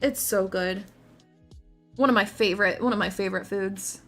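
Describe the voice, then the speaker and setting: A woman's voice: mid-range voice, moderate pace, fairly bright tone, faint music behind. A woman streamer chatting casually to her viewers while painting miniatures, rambling, giggling and often restarting her sentences.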